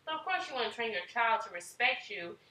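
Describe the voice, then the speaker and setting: A woman with a somewhat high, bright, forceful voice talks fairly quickly and expressively as a parent in casual podcast conversation. She speaks earnestly about raising children, acting out parent and child lines in quotes. She's set back from the mic in an echoey room.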